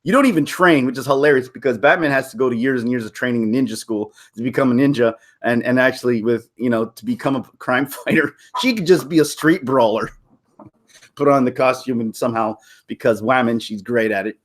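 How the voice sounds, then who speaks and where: A man ranting sarcastically on a vlog, with animated delivery and laughing asides. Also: medium pitch, a little fast. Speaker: vlogger. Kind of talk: opinion rant commentary.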